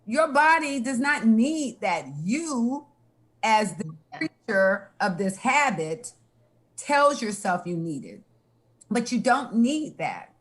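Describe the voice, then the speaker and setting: A woman with a somewhat high voice gives health advice in a casual chat. She speaks frankly and with emphasis, and laughs now and then. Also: big pitch swings, takes it slowly. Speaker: health guest.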